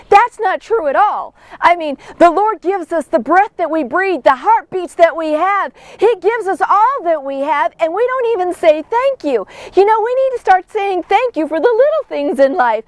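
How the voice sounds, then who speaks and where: A woman's voice: very high-pitched, animated, normal speed, dry recording. A woman giving a Bible devotional, talking earnestly and acting out the quoted voices in her story. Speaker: devotional teacher.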